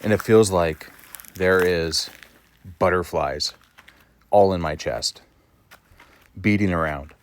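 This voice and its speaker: A man's voice: low-pitched, slow, pauses often. A man vlogging to the camera, telling a story in a blunt, casual way and swearing freely.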